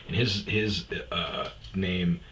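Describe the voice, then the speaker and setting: A man's voice: sits low, slow, fairly bright tone, slight background noise. A man hosting his own podcast, telling comic stories in a casual, profane way and acting out the back-and-forth of what people said. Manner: profane, swears constantly; acts out quoted exchanges in raised voice. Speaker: podcast host. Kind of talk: casual comedic storytelling.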